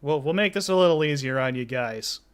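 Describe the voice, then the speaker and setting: A man narrating as game master of a tabletop game, relaxed, with many fillers and restarts. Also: a little high, brisk, clear, resonant tone.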